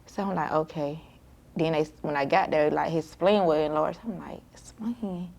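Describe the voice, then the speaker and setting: A woman's voice: low voice, steady tone, moderate pace, gravelly, darkish tone. A mother, telling candidly and emotionally how she cares for her son with sickle cell. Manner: emotional, informal, frequent "like" and quoted self-talk. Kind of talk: candid personal storytelling.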